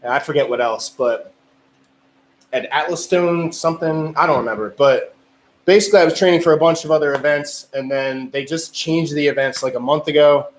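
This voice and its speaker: A man's voice: on the high side, moderate pace. A man chatting loosely on a livestream as a strength athlete, rambling and swearing, with lots of filler words. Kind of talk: casual livestream chat. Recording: echoey room with faint noise.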